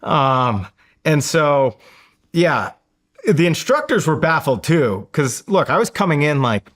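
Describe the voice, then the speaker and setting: A man's voice: a little high, very animated, slow, fairly bright tone. A man telling stories as a podcast guest, upbeat and enthusiastic, rambling with lots of filler words and restarts. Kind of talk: casual interview storytelling.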